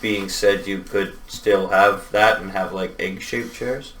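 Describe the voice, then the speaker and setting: A man's voice: deep voice, fairly even intonation, slow, fairly bright tone, distant mic. A man co-hosting a podcast who chats casually, tells laid-back stories, swears freely and laughs often. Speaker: podcast co-host. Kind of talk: casual chat.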